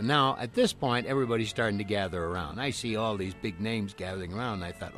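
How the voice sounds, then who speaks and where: An older man from Canada, a guest impressionist, telling lively show-business anecdotes by phone on a radio interview. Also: fairly low pitch, fast talker, few pauses, soft background music. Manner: lively, animated storyteller who slips into other voices. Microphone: telephone call-in.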